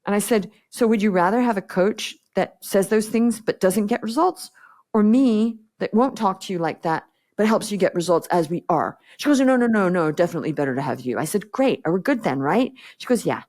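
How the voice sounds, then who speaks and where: A woman's voice: medium pitch, expressive, fairly quick, darkish tone. Blunt, direct woman coach. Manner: blunt, direct, acts out quoted exchanges. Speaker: guest business coach. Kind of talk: podcast interview conversation.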